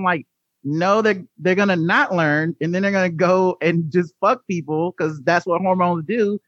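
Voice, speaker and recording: Male podcast host, higher voice, riffing comic style, muffled dry recording. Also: normal speed, fairly bright tone, dry recording. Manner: riffing, mimics voices, swears freely. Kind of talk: casual comedic chat.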